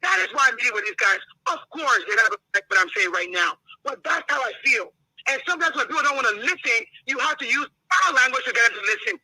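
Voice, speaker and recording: Fiery, sharp-voiced woman. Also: sits high, lively intonation, quick pace, slightly rough, no room sound, rough recording. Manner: impassioned, loud, blunt with some swearing. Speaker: political guest. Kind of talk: heated talk-show interview.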